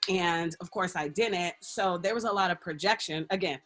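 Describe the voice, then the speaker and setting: Here a radio personality and life coach, interviewed casually, tells a candid personal story while laughing a lot and acting out what others said. Her pitch is fairly low and her delivery expressive at a moderate pace, with soft music underneath.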